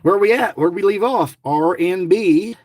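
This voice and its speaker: A man's voice: sits high, moderate pace, darkish tone, a little hiss or hum. A middle-aged man giving chatty, rambling running commentary to his viewers, grumbling and joking as he goes. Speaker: lottery scratch-off vlogger.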